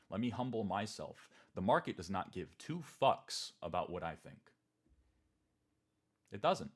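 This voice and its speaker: A man with a fairly low voice hosting a trading livestream. He rants with animated, sarcastic energy and swears freely. His pitch jumps up whenever he mocks how other people talk. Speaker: crypto trading livestream host. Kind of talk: livestream market commentary rant.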